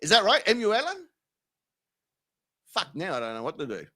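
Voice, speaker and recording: A man with a high voice and huge pitch swings talks at a moderate pace, his tone bright and forceful. He's an Australian livestream host chatting casually with viewers and reading their comments. He swears freely, laughs often, and jokes around with chat.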